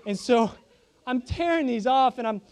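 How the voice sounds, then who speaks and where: A man's voice: very high voice, lively intonation, normal speed, slight background noise. A young man preaching a sermon, telling a humorous, self-deprecating story to his congregation.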